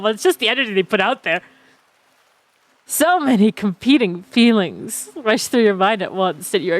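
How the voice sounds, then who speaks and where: A woman's voice: a little high, no room sound. A woman streamer reading a game's story text aloud and cracking jokes between the lines, laughing often. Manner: playful, laughs often, breaks off to joke. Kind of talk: reading game text aloud with casual commentary.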